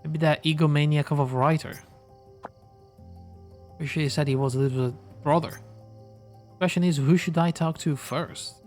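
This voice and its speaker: Male streamer, slightly high voice, sarcastic gameplay commentary. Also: fairly even intonation, moderate pace, long pauses, a little mellow, faint music behind. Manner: sarcastic, swears casually.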